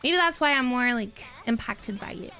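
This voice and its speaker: A woman streamer chatting casually while she plays a game, rambling and excitable, answering her chat as she goes. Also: on the high side, normal speed, faint music behind.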